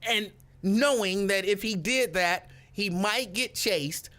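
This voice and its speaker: A man hosting a live stream, chatting with viewers and telling a story in an animated, casual way. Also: sits high, takes it slowly. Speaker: livestream host.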